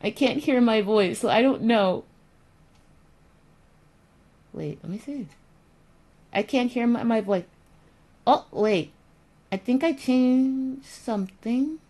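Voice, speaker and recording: A woman's voice: fairly high pitch, lively intonation, unhurried, dark tone, poor audio. A woman streamer chatting casually with her viewers, repeating herself and sounding mildly exasperated as she fiddles with her audio settings. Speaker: live streamer.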